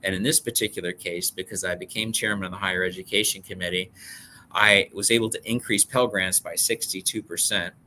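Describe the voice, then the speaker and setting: A man's voice: deep voice, fairly even intonation, fairly quick, pushed and bright, slight background noise. A middle-aged man, an author guest, telling personal stories in an earnest, heartfelt way. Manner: earnest, emotional storyteller. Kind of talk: storytelling interview talk.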